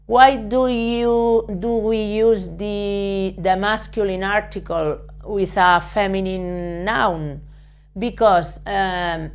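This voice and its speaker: A woman from giving a careful language lesson, patiently repeating words and spelling out letters. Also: medium pitch. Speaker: Spanish teacher. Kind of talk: slow, careful spoken lesson.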